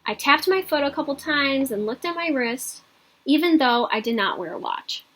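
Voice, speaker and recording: A woman teacher reading a children's book aloud expressively and pausing to explain the story to her class. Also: high voice, expressive, a bit bright.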